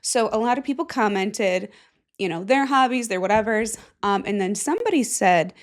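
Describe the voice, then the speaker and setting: A woman's voice: mid-range voice, animated, moderate pace. A woman hosting a casual solo podcast, goofy and self-mocking, with plenty of swearing. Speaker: podcast host.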